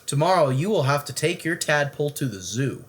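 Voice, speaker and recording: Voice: medium pitch, animated, brisk, lightly acted. A storybook reader voicing a pair of exasperated, fussing parents. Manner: declaring, fussing.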